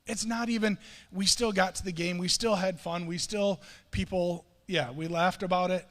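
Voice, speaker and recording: A middle-aged man pastor telling a self-mocking story in a sermon, animated and quoting himself and others. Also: sits high, normal speed. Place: church sanctuary. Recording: long reverb of a church hall.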